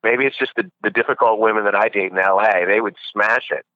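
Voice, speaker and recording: A man calling into a podcast as a guest, telling dating-show stories in a casual, animated way. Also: on the low side, fast, no room sound. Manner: storytelling, animated retelling. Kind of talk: casual chat by phone. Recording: dull lo-fi call-in line.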